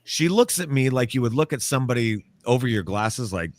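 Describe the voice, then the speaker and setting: A man, a paranormal author and interview guest, telling a story in a casual, animated way and acting out the quotes. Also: medium pitch, brisk, no room sound. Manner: animated, acts out quotes, laughs often.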